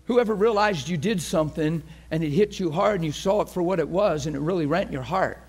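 A man preaching an impassioned sermon who swings from fervent near-shouting to hushed, earnest appeals and acts out crowd voices. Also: a little high, brisk, husky.

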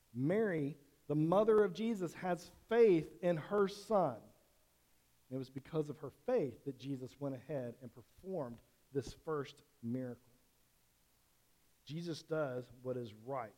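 A man preaching a sermon as a pastor, speaking conversationally with restarts and quick self-corrections. His voice sits a little high for a man and has a dark, mellow tone. A long church-hall reverb trails each phrase. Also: expressive.

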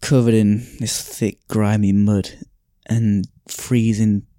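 A man's voice: on the low side, level tone, slow, mellow, no echo, clean studio sound. A man hosting a podcast, telling a story in a reflective, casual way with frequent sighs and fillers. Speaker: podcast host. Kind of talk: casual storytelling and reading aloud.

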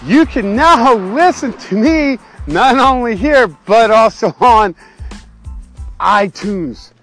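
A man's voice: extremely high pitch, takes it slowly, soft background music. A man, a pastor hosting his own show, talking in a casual, jokey, rambling way that keeps going off on tangents. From Canada. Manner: excitable, jokey, goes off on tangents. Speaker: pastor and podcast host.

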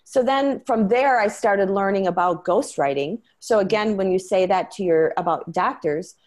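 A woman guest in an interview, talking earnestly and quickly, with frequent fillers and restarts. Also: medium pitch, a little mellow. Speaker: interview guest, medication-transparency advocate. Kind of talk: conversational interview.

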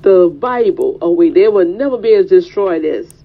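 A woman's voice: lowish voice, expressive, brisk. A woman preaching a fervent sermon in a repetitive preaching cadence. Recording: dull, lo-fi recording.

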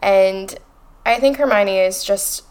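A woman co-hosting a casual book-club podcast, animated and emphatic, swearing casually. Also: mid-range voice, takes it slowly, clear, resonant tone. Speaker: podcast co-host.

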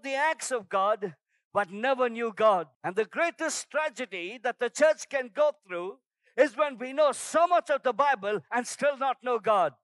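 A man's voice: very high-pitched, a bit bright, no room sound, poor audio. A man preaching a sermon, emphatic and exhorting, driving points home by repeating phrases.

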